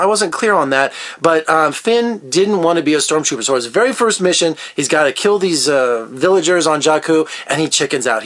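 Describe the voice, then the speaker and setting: A man's voice: a little high, a bit bright. A middle-aged man reviewing a film in a casual video, enthusiastic and rambling, jumping from topic to topic. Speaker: film critic.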